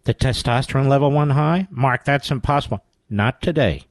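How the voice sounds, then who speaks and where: A man's voice: medium pitch, moderate pace, no room sound. A man hosting a political talk radio show, delivering sarcastic, combative commentary.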